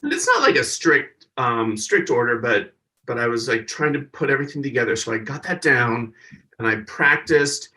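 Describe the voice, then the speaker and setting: A man's voice: medium pitch, normal speed, far from the mic. A man, a stand-up comedian and guest, telling stories in a casual interview and acting out the people he quotes. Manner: animated storyteller, acts out the people he quotes.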